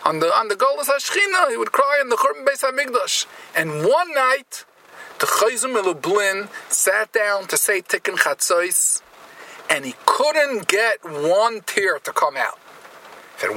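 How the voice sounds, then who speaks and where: A man telling a Hasidic story in with speech, animated, repeating and restarting phrases and slowing down for emphasis. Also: sits high, slight background noise, poor audio.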